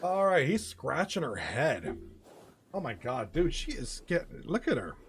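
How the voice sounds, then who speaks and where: Lively, laughing male stream host. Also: a little high, unhurried, slight background noise. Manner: laughs often, swears freely, reads chat aloud. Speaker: host of an online hockey game league stream. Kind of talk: casual live-stream commentary.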